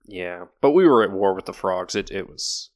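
A player in a tabletop game who spins absurd stories with a straight face. The voice sits very low. It is recorded dry and close. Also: normal speed, no echo. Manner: playful, tells deadpan absurd stories.

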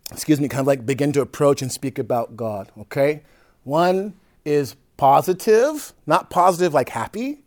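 A male priest teaching a group in a conversational way, often checking in with "right?" and dropping between loud emphasis and soft, low asides. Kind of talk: teaching talk to a live group.

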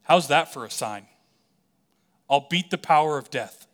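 A man preaching a sermon in a conversational, animated way, acting out the voices of the people he quotes. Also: a little high, a little slow. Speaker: pastor.

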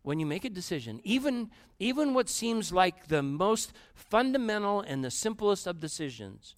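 A man giving a storytelling sermon to a live audience in a room, talking conversationally and turning to them directly, swinging between quiet asides and loud, emphatic bursts. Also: on the high side.

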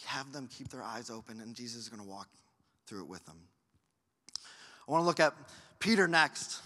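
A man preaching a sermon as a pastor, acting out quoted voices and moving between loud bursts and hushed lines. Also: mid-range voice, lively intonation, normal speed. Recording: hall reverb.

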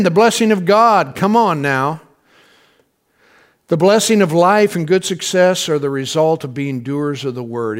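A man preaching a sermon in a loose, conversational way, tossing in casual slang and calling on the congregation to answer him. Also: fairly high pitch. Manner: conversational, calls for responses from congregation; folksy slang. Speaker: pastor.

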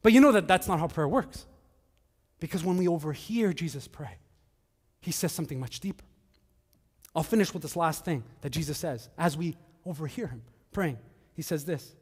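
A male pastor preaching a sermon, earnest, moving between hushed and emphatic. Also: on the high side, lively intonation, moderate pace, breathy edge, in a large hall.

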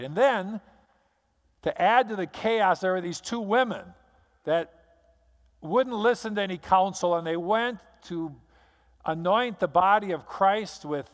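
A pastor with a high, bright voice delivers a sermon, telling the story dramatically and acting out scenes. He sounds like he is in a church hall, with a long reverb trailing each phrase.

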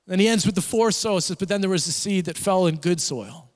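A man with a fairly high voice delivers a sermon, building his points through repeated phrases. His voice carries a long reverb from a church hall. He moves between urgent emphasis and quieter prayer. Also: fast talker, few pauses. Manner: emphatic preaching with repeated phrases and rising intensity. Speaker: pastor.

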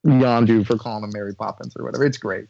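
A man co-hosting a casual podcast chat, recapping a movie in an animated, swearing, filler-heavy way. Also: medium pitch, fast, creaky, no room sound, lo-fi sound. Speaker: podcast co-host.

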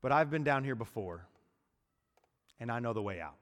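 A man voicing a calm friend who offers plain reassurance in his own everyday voice, recorded in a reverberant hall. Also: mid-range voice, moderate pace, close to an everyday voice. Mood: reassuring. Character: calm, steady male friend who knows the way.

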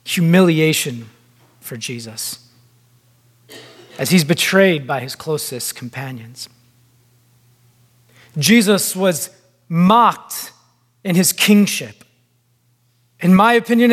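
A man preaching a sermon in a deliberate, emphatic way, with long pauses between phrases. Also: high-pitched. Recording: long hall reverb.

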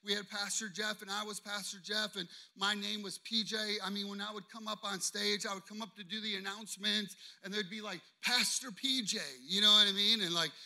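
A man's voice: high-pitched, flat delivery, a little fast, hardly any pauses, bright, forceful tone. A man in his thirties, a pastor, telling a personal story in a sermon in a casual, conversational way, often asking "okay?". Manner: conversational, frequent "okay?" and "you know what I mean?".

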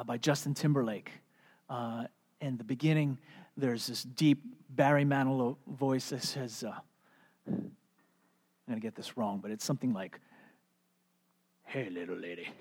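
A pastor preaching a sermon, animated and storytelling, then going soft and hushed. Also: mid-range voice, long reverb tail. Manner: animated storytelling, drops to soft hushed tones for quoted words.

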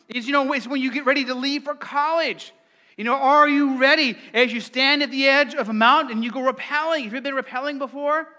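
A middle-aged man preaching a lively, playful sermon and asking the congregation questions. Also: very high voice. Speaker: pastor.

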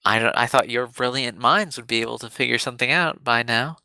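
A man doing a sarcastic little adventurer, gravelly. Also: medium pitch, fairly quick, pushed and bright, no room sound. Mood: teasing. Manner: teasing, sarcastic. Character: small sarcastic male adventurer.

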